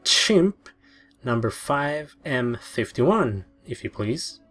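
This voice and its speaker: A haughty chimpanzee with a British accent, growling with disdain at mortals, as a man puts him on. He is proud and grumpy, a storybook creature, with soft music under him. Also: mid-range voice, very animated, extremely slow, heavily acted. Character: grumpy proud male chimpanzee elevator operator.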